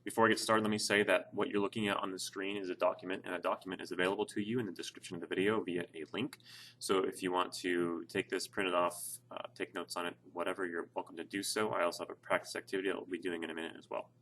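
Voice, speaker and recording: A man's voice: sits low, level tone, quick pace, a bit bright, slight background noise. A man teaching a casual Spanish grammar lesson over an on-screen document, explaining step by step with frequent fillers. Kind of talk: screen-share lesson narration.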